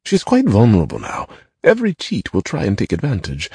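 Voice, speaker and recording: A man's voice: lowish voice, wildly swooping pitch, fast, gravelly, dark tone, breathy edge, no room sound, voice pushed up, exaggerated voice. A man voicing a powerfully built cousin who presses his case insistently. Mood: urging. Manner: insistent, persuasive. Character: broad, forceful older cousin, pressing.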